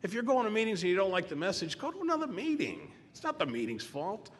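An older man speaking at a recovery meeting, telling his own story in a halting, joking way. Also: high voice, very animated, a bit bright. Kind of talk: personal recovery testimony. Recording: echoey hall, faint room noise.

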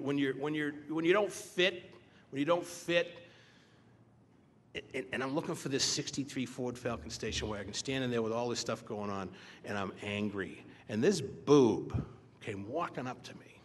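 A man's voice: mid-range voice, a bit bright. Older man telling his recovery story. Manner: halting, joking storyteller. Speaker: speaker at a recovery meeting. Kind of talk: personal recovery testimony. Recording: echoey hall, faint room noise.

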